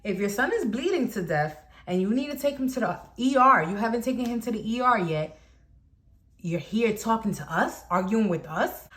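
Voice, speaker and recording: A young woman with a fairly high voice tells a personal story in a relaxed, slangy way. She is blunt and animated and talks straight to her viewers. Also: normal speed. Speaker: vlogger. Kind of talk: casual storytime.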